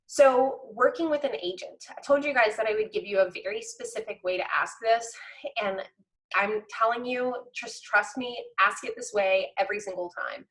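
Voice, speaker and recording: A woman's voice: medium pitch, normal speed, fairly bright tone, poor audio. A woman real estate coach teaching trainees in a conversational, emphatic way, often checking in with "okay?" and "right?". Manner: emphatic, direct instruction to trainees. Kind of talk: coaching lesson.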